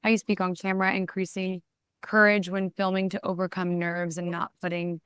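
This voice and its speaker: A woman's voice: lowish voice, level tone, normal speed, fairly bright tone, clear, resonant tone, no echo, clean studio sound. A woman moderating an online workshop, reading out audience questions with short, friendly prompts.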